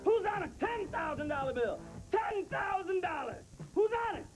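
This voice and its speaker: A man's voice: very high voice, animated, normal speed, soft background music, voice pushed up. A stand-up comedian voicing a brash, boastful rich suitor who taunts and shows off his money. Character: brash rich loudmouth suitor, adult man. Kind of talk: comedy sketch with put-on voices.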